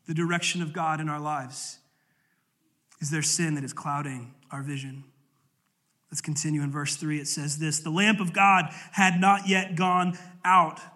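A man's voice: high-pitched, bright, forceful tone. A male pastor preaching a sermon at a church service, earnest and emphatic, reading scripture aloud.

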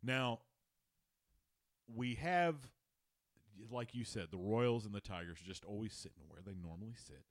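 A man's voice: fairly low pitch, expressive, measured pace, long pauses, dry recording, clean studio sound. A man hosting a casual sports podcast, rambling, swearing and laughing as he talks. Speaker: podcast host.

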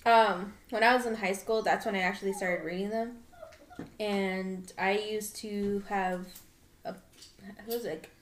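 A young woman chatting casually as a co-host, telling stories in an animated way with plenty of laughter. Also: mid-range voice, a little slow. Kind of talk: casual chat. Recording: echoey room, faint noise.

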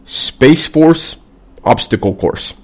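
A man's voice: mid-range voice, expressive, slow pace. A man, a veteran vlogger, delivering a blunt, sarcastic and heavily profane casual rant.

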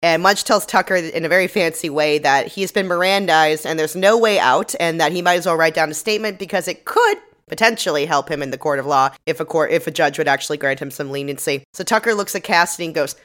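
A woman with a somewhat low voice talks through a crime show recap in loose, casual chat. She laughs easily and slips into quick impressions of the characters. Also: a bit bright. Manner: laughs often, acts out quotes. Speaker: podcast co-host.

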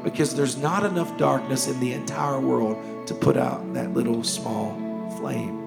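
A man preaching a sermon as pastor in a church, urgent and impassioned, repeating key phrases and dropping to hushed tones. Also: mid-range voice, unhurried, gravelly, loud music behind the voice. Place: church sanctuary.

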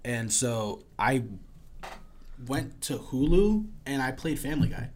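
A man's voice: mid-range voice, lively intonation, slow pace, darkish tone, a little hiss or hum. A young man telling rambling stories with lots of fillers in a casual podcast chat. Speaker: podcast guest.

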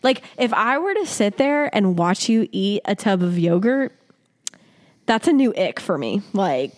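A woman's voice: mid-range voice, big pitch swings, measured pace. A woman co-hosting a podcast in casual chat, blunt and emphatic, teasing her co-host.

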